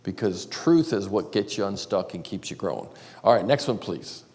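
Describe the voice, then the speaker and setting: A man's voice: deep voice, animated, moderate pace, darkish tone. A man teaching a live seminar to an audience in a church auditorium, talking conversationally and quizzing the listeners with questions. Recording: reverberant live hall.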